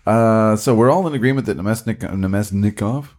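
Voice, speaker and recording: A man's voice: lowish voice, a little fast, a little mellow. A man from Canada hosting a casual sports podcast, joking and teasing his co-hosts. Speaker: podcast host.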